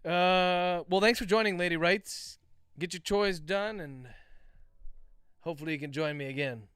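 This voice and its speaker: Bright, crisp-voiced man dictating a novel. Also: high voice, moderate pace, dry recording, clean studio sound. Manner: dictates prose aloud, speaking punctuation marks; relaxed, chatty asides to viewers. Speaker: author.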